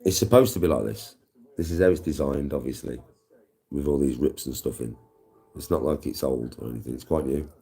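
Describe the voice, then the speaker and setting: A man's voice: very deep voice, brisk, dark tone. A man, chatting casually on a live stream, swearing freely and greeting viewers. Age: 40s. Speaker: livestreamer.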